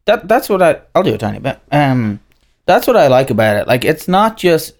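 A man's voice: fairly high pitch, big pitch swings, a little fast. An Irish man from Ireland appearing as a guest in a casual conversation, easygoing and full of "um"s and "like"s, correcting himself as he goes. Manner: easygoing, lots of fillers and self-corrections. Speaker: guest, brand representative.

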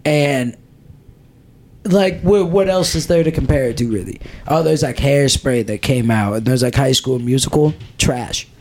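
A young man in casual podcast chat, blunt and animated, swearing freely. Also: medium pitch, moderate pace. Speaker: podcast co-host.

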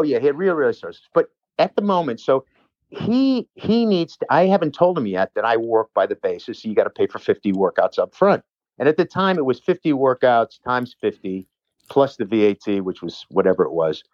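A man's voice: mid-range voice, big pitch swings, moderate pace, darkish tone, dry recording, dull audio. A man, a personal trainer, telling a long rambling story in casual chat with many restarts and asides.

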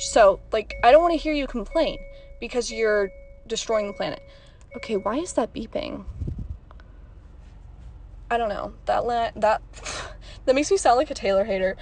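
A woman's voice: fairly high pitch, lively intonation, moderate pace, pauses often, a little mellow. A young woman hosting a podcast from her parked car, rambling and chatty, laughing often. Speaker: podcast host. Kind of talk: casual chat.

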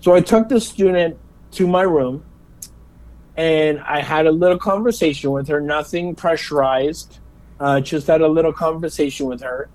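In a low-quality recording, a middle-aged man with a fairly high voice speaks at a normal speed. A special education teacher, he tells stories during a casual interview, animated and laughing, frequently repeating himself.

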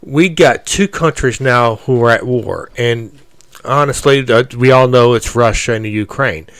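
Halting man speaking in a sermon. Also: mid-range voice, a bit bright, dry recording. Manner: halting, with restarts and fillers.

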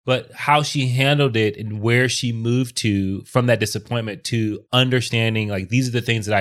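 A man's voice: mid-range voice, fairly even intonation, normal speed, fairly bright tone. A man in casual podcast chat, reflecting on things and often restarting his sentences. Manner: reflective, talks in metaphors and restarts.

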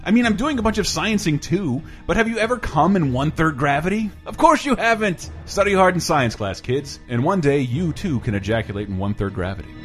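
A man's voice: a little high, animated, brisk, few pauses, music in the background, natural voice. A man performing a crude, boastful stranded astronaut in a comedy sketch. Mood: giddy. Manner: boastful, over-the-top.

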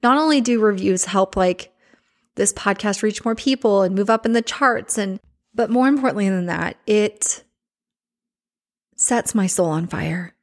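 An earnest woman talks through her solo podcast without a script, sincere and openly emotional. Her pitch leaps up high on key words. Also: measured pace. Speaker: podcast host. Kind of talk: unscripted solo podcast talk.

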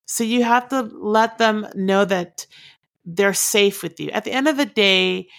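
Woman, relationship advice talk, direct and earnest, slight fry in her voice. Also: mid-range voice, measured pace. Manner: direct, earnest, repeats key points for emphasis.

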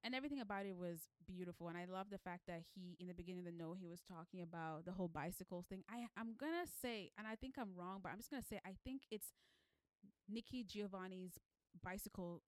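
A woman co-hosting a book podcast who speaks earnestly and firmly about what she loved. Her voice is smooth and clear. It is recorded dry on a close mic. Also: on the low side, fast, no echo. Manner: earnest, emphatic, affirming. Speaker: podcast co-host. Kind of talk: casual book chat.

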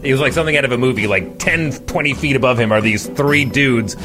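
A man in his forties, a radio morning show host, telling a story in a casual, animated way and acting out the voices of the people in it. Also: mid-range voice, fast, over music. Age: 40s.

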